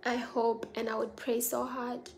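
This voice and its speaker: A woman's voice: fairly high pitch, flat delivery, unhurried, a little hiss or hum. A woman with a South African accent, talking to her viewers in an earnest, confiding personal vlog. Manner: earnest, confiding, mixes languages. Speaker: vlogger.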